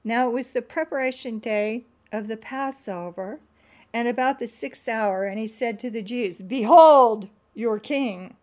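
A woman's voice: fairly high pitch, steady tone, normal speed. A woman preacher who prays with earnest, fervent repetition and then reads scripture aloud with dramatic emphasis. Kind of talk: prayerful sermon and scripture reading.

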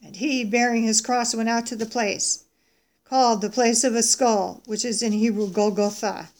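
A woman's voice: fairly high pitch, fairly even intonation, a little mellow. Woman reading scripture with emphasis. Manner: slow, emphatic reading of quoted speech; pauses to self-correct in asides. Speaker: Bible teacher.

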